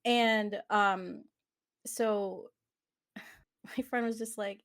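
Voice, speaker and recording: Young woman, podcast co-host, relaxed storyteller, laughs through her anecdotes. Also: medium pitch, very slow. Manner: storytelling with frequent laughs and fillers. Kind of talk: casual chat.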